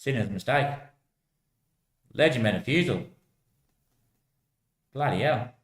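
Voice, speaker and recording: A man's voice: medium pitch, expressive, slow, reverberant. A man rambling to himself, answering his own remarks and swearing freely.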